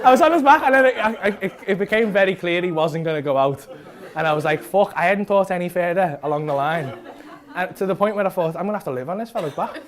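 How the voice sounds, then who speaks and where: A man doing stand-up, retelling a night out in a rambling, sweary style and ending lines with "right?". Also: sits high. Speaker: stand-up comedian. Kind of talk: stand-up storytelling. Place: comedy club stage. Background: audience laughter.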